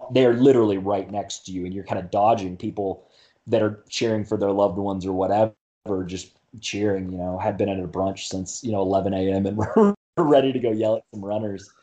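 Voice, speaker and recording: A man with a low, mellow voice tells his story in a loose, rambling way. He keeps restarting his sentences and filling gaps, like a guest chatting on a podcast. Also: steady tone, fairly quick. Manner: rambling, lots of fillers and restarts. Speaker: podcast guest, marathon runner. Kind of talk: casual conversation.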